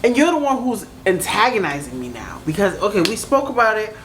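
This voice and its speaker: Animated, exasperated woman reacting. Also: mid-range voice, fairly quick, a little hiss or hum, low-quality recording. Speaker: reaction channel host. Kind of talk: casual reaction commentary.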